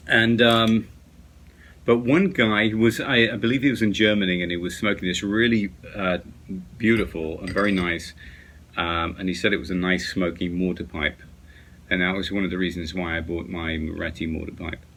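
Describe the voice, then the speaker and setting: A man's voice: low voice, level tone, normal speed, fairly bright tone, a little hiss or hum. A man chatting casually at home late at night about pipes, rambling with lots of fillers and restarts. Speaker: pipe smoking vlogger.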